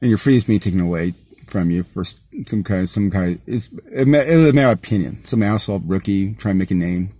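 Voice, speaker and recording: A man's voice: sits low, fast talker, warm tone, no room sound. A man telling a personal story in a casual vlog, rambling with many fillers and restarts, often breaking into angry, profane rants. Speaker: vlogger.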